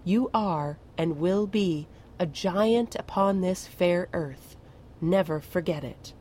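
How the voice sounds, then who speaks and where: A woman's voice: fairly low pitch, slow pace, a little mellow, a little hiss or hum. Woman doing a solemn giant mother dragon. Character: massive solemn mother dragon, grand and prophetic.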